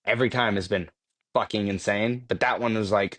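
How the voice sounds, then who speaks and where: Low-voiced man telling a wild story. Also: fairly even intonation, a little fast, fairly bright tone, dry recording. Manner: swears freely, laughs through his stories. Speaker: podcast guest. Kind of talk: casual storytelling. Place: podcast studio.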